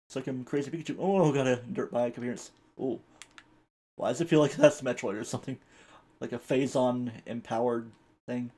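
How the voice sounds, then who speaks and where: A man commentating his own live game stream. His voice has a gravelly, rough edge and a slightly husky, breathy tone. He wanders from thought to thought, chuckling as he reads on-screen text aloud. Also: medium pitch, dark tone. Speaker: gaming streamer.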